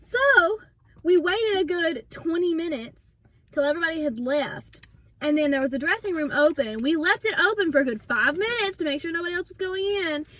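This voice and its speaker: A woman's voice: extremely high pitch, animated, moderate pace, fairly bright tone. A woman, telling an indignant story in a casual vlog. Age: 20s. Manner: indignant, retelling with quoted dialogue. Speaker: vlog host.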